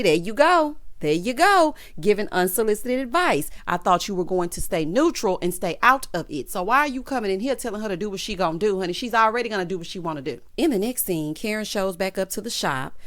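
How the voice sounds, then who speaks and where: Sassy, lively woman recapping TV. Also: mid-range voice, fairly quick, hardly any pauses. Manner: sassy, animated, peppered with "child" and "honey". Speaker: TV recap vlogger. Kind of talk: casual TV recap commentary.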